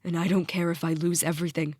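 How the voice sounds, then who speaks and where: A woman's voice: on the low side, flat delivery, fast talker, a little mellow, no room sound, clean studio sound, natural voice. A woman reading the part of a guilt-ridden father who speaks apologetically, his voice breaking. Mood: desperate.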